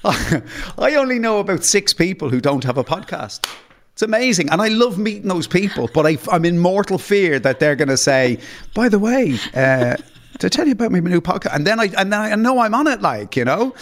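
A man's voice: sits high, big pitch swings, fairly quick, slight background noise. A man, a podcast guest, telling comic anecdotes in a self-deprecating way, often stumbling and restarting his sentences. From Ireland. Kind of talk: anecdotal storytelling.

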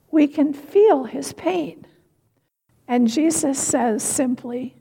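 A woman giving a sermon, telling a story slowly and reflectively. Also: sits high, warm tone. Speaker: preacher. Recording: reverberant hall.

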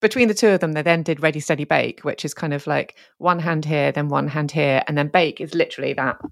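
Low-voiced chatty woman. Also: fast talker, gravelly, no room sound, studio quality. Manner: chatty, laughs often, trails off mid-sentence. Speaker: podcast co-host. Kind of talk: casual chat.

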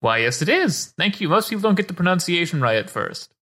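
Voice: medium pitch, very animated, quick pace, fairly bright tone. A player voicing an eccentric, cheerful male shopkeeper who speaks in formal, genteel sales talk.

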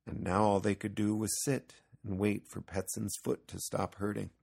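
Deep gravelly guy reading a kids story, slow and gentle, kinda husky. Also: little pitch movement. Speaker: narrator.

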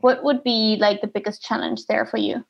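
A woman's voice: mid-range voice, fairly even intonation, moderate pace, vocal fry, dull audio. A woman interviewing a guest in a casual conversation, listening attentively with short affirmations and asking open questions.

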